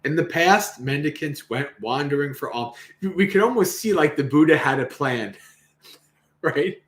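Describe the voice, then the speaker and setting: On a livestream with a roomy echo, a man with a fairly high, expressive voice reads a Buddhist sutta aloud without hurrying. He comments casually, laughs often, and acts out the quoted lines.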